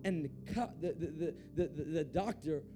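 A man preaching and telling his testimony as a story, dropping to a hush and then rising loud and animated. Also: on the high side, moderate pace, music in the background. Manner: swings from hushed to loud and animated. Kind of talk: sermon storytelling.

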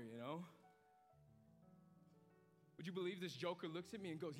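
A male pastor preaching a sermon, swinging from hushed, low passages to loud, emphatic climaxes. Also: measured pace, pauses often. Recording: hall reverb with soft music beneath.

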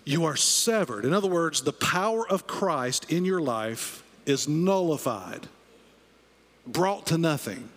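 A man's voice: on the high side, lively intonation, slow. A man preaching a sermon as pastor, emphatic and repeating key phrases, in a church sanctuary. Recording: long reverb of a church hall.

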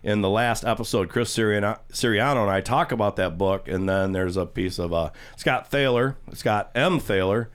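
A man's voice: fairly low pitch, moderate pace, few pauses, clear, resonant tone. A man hosting a radio show, casually rambling and telling a long joke in a chatty way. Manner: rambling storyteller, chuckles. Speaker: radio host.

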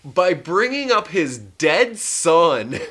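A man's voice: a little high, sing-song, slow, a bit bright. Guy throwing in dry snarky comments about a movie. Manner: dry sarcastic asides, often laughing. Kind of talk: casual comedic movie recap.

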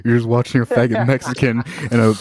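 A man's voice: medium pitch, level tone, fast, a crowd in the background. A man co-hosting a stream in casual chat, making sarcastic, joking asides. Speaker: stream co-host.

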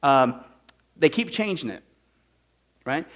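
A man's voice: mid-range voice, sing-song, takes it slowly. A man teaching from the Bible in a sermon style, sarcastic and full of rhetorical questions, often drifting into asides before returning to his point. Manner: digressive with restarts and asides.

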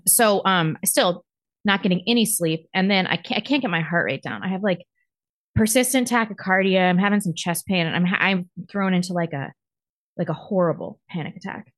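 A woman co-hosting a podcast, telling a story in a profane, animated way and acting out other people's lines. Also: on the low side, a little fast, dry recording, studio quality. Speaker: podcast co-host. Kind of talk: casual storytelling.

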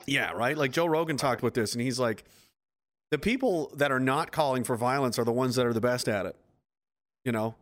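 A man's voice: mid-range voice, a little fast. A man hosting a casual podcast chat, rambling and swearing as he tells stories. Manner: rambling, profane, animated storytelling with acted quotes.

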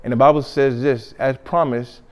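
A man's voice: mid-range voice, steady tone, moderate pace, smooth, dull audio. A man preaching a sermon with a conversational delivery. He often repeats himself and leads the congregation in call-and-response.

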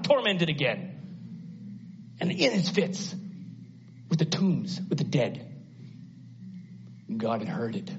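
A man preaching a sermon at a church service, dramatic, acting out the voices in the story and swinging from hushed to loud. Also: a little high, sing-song, slow pace, long pauses, slight background noise. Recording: dull lo-fi sound.

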